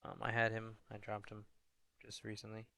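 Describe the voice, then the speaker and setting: A young man streaming a fantasy football update in casual chat, talking low and half-whispered in a hallway indoors. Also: monotone, normal speed, pushed and bright, clean tone, dry recording. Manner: low, half-whispered talk, chatting with viewers.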